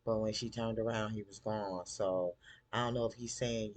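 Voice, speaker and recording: A man casually recapping a TV episode, chatty and animated, acting out the characters' lines in a style. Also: fairly low pitch, normal speed. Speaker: TV show recap host.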